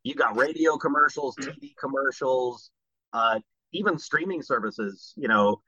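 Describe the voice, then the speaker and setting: Casting note: bright, lively male voice actor, dry and slightly muffled mic. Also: medium pitch, moderate pace, husky, no echo. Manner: animated storyteller who slips into voices. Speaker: voice actor guest. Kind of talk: casual podcast chat.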